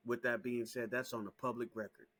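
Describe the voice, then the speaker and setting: A man hosting his own small channel, ranting straight to camera in a heated, profane, repetitive way that climbs into shouting. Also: medium pitch, flat delivery, a little fast. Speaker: small YouTube channel host. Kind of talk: casual direct-to-camera rant.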